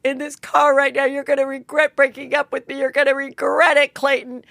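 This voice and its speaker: A woman voicing a flustered, emotional young woman contestant, talking high and rushed. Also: little pitch movement, gravelly, fairly bright tone, no room sound. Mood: pleading.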